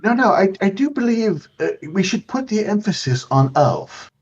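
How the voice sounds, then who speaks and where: A man's voice: high voice, voice pushed up. A man playing a fawning dim adventurer. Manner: flattering, deliberately dim. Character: fawning, overeager male adventurer. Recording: dull lo-fi sound.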